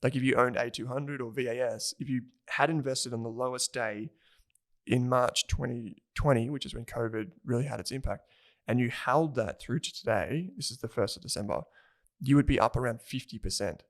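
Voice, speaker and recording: A man's voice: mid-range voice, a little fast. A man, co-hosting a personal finance podcast in a rambling, chatty way and laughing easily. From Australia. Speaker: podcast co-host. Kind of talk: casual chat.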